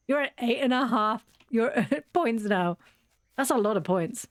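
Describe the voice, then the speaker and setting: A woman's voice: fairly high pitch, animated, a little slow, no echo, clean studio sound. A woman chatting casually while playing a video game, telling rambling stories and giggling often. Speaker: gaming video host. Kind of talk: casual gameplay chat.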